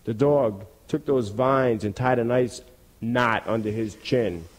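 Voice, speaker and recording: A man telling a folk tale in a rhythmic, repetitive, expressive storytelling style. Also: mid-range voice, takes it slowly.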